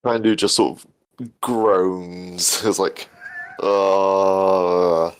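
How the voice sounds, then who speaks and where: Slow, low-voiced joking player. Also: male voice, fairly even intonation, no echo. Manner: joking, laughing asides. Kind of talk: casual tabletop play.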